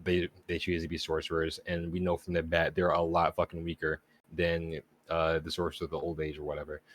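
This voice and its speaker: A man's voice: very deep voice, completely flat delivery, brisk, a bit bright. A young man co-hosting a casual podcast chat, talking in a loose, slangy, profane way and laughing easily. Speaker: podcast co-host.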